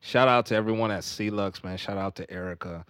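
A man's voice: fairly low pitch, fairly quick, a bit bright, clean tone, dry recording, studio quality. A man hosting a podcast in casual chat, laid-back and slangy. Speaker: podcast host.

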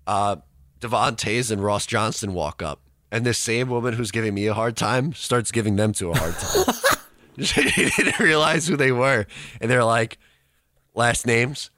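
A man's voice: fairly low pitch, a bit bright, no echo, clean studio sound. A young man co-hosting a casual chat, rambling through an anecdote and laughing as he tells it. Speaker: co-host, student radio reporter.

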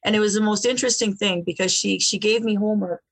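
A woman guest telling her life story in an interview, animated, often repeating words and laughing between phrases. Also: medium pitch, fast, creaky, husky. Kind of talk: personal storytelling in conversation.

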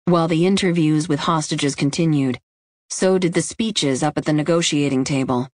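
A woman narrating a nonfiction audiobook in a measured, even reading style. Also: low voice, dry recording, studio quality.

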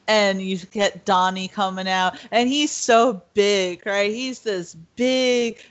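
A woman co-hosting a casual podcast who retells scenes with lively voices, full of fillers. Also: mid-range voice, slow. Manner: animated storyteller, acts out scenes. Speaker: podcast co-host. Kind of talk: casual chat. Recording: slightly dull, muffled audio.

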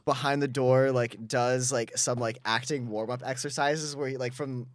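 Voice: mid-range voice, steady tone, moderate pace, no room sound, clean studio sound. A tabletop player telling the scene in casual, rambling, swear-laced chat. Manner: rambling, swears, many "like" fillers.

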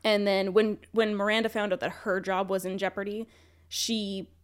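A woman co-hosting a podcast in casual chat, talking in a rambling, profane, animated way. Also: medium pitch, normal speed. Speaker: podcast co-host.

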